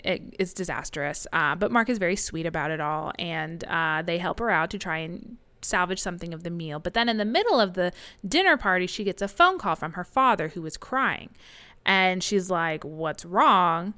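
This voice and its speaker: A woman's voice: lowish voice, bright, forceful tone, clean tone, dry recording. A woman co-hosting a book podcast, casually recapping the plot with fillers and frequent laughter. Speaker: podcast co-host.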